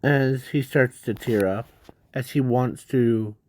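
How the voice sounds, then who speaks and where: A man slowly narrating an improvised fan story, halting often with restarts and fillers. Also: mid-range voice, darkish tone, dry recording.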